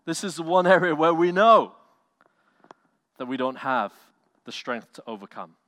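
A man's voice: fairly high pitch, normal speed. Male pastor preaching with dramatic swells. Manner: animated preaching with acted-out quotes, loud swells and soft drops. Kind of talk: sermon.

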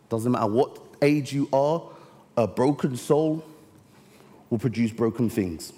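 A man preaching a sermon, telling a story and slowing down to stress key words. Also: medium pitch, mellow. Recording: long reverb of a large hall.

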